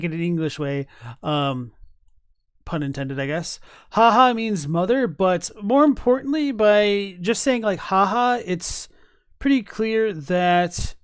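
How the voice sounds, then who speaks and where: Male streamer, high clean voice, casual rambling reaction chat, dry close sound. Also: smooth, dry recording. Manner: chatty, many fillers and restarts, laughs.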